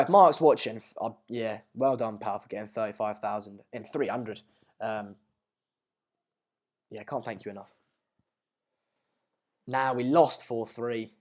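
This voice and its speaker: A young man, hosting a casual live match watch-along, reading out viewer comments in a chatty, rambling way and sounding slightly hoarse. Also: medium pitch. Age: late teens. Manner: chatty, rambling, restarts mid-sentence, calls viewers mate and pal. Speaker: live stream host.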